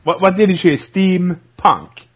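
A man co-hosting a podcast, chatting casually with hesitant, halting asides. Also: sits high, slightly rough. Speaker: podcast co-host. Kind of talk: casual chat.

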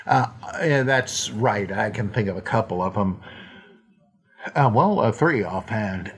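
A man's voice: lowish voice, expressive, a little slow. Wry older man hosting a scholarly podcast. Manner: rambling, many fillers and restarts, wry and self-deprecating. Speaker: podcast host answering listener questions.

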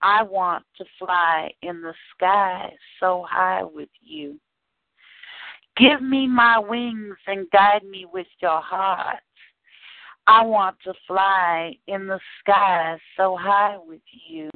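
A woman's voice: mid-range voice, dry recording. A woman hosting a radio poetry show, reciting her own poem with a repeated refrain. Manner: measured, refrain-driven recitation. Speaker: radio show host and poet. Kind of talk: slow poetry reading. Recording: tinny phone line.

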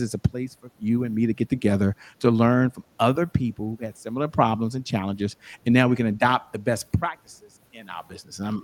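A man speaking as an interview guest, telling animated stories and giving motivational encouragement in a conversational style. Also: mid-range voice. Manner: animated storyteller, preachy encouragement. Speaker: guest, show host and sales coach.

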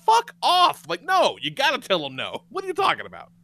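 A middle-aged man hosting a podcast, telling stories in a profane, animated way. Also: high voice, fast talker. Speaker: podcast host. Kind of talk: casual podcast chat.

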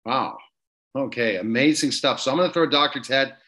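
A man's voice: medium pitch, normal speed. Eager male host, stumbles over his words, mid-range voice. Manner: excited, stumbling. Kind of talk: interview chat.

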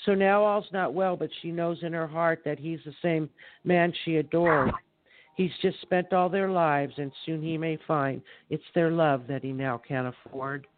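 A man reading his rhyming poem aloud in a measured recital on a live poetry show. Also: fairly high pitch, steady tone, no room sound. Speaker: poet reading on air. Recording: tinny phone line.

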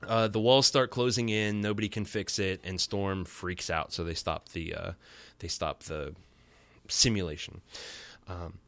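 A man's voice: deep voice, fairly even intonation, a little slow, a bit bright. A man in his thirties hosting a podcast alone, recapping a cartoon episode in a casual, joking, rambling way full of fillers. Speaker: podcast host.

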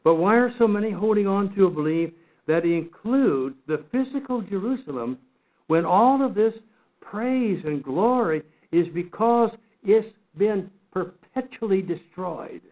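A man with a high voice teaches a Bible study lesson, animated yet unhurried, pressing his points earnestly and emphatically while repeating and restarting his words. The sound comes through a narrow, phone-like line.

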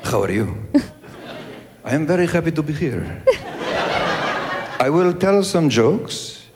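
A suave, seductive Spanish man, as a comedian puts him on low and smooth. A noisy crowd sits behind this stand-up recording. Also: big pitch swings, slow pace, in a large hall. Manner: low, smooth accent parody.

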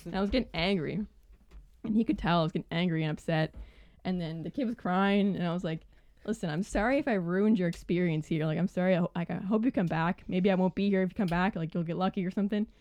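A woman's voice: fairly low pitch, quick pace, dry recording, muffled recording. Young woman telling a story, dry close sound. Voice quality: animated, lots of "like" fillers. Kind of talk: casual storytelling chat.

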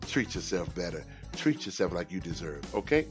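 Man coaching listeners on a broadcast, swoops all over, soft music under him. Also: low voice, moderate pace. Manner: animated, preachy, acts out little voices. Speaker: host and life coach. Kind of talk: motivational radio talk.

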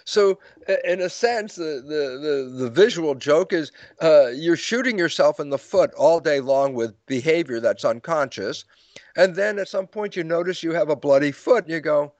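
Animated storytelling older man, dry sound. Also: a little high, moderate pace, no echo, lo-fi sound. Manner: animated, quotes his own lectures, laughs often. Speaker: interview guest, lecturer. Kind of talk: storytelling explanation in conversation.

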